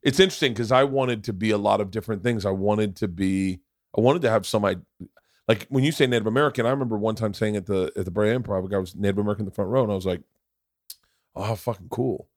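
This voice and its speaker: Talking very fast in a lowish voice, this Florida comedian and podcast host rambles through casual stories, swearing plenty and frequently starting sentences over. The sound is dry and studio-clean.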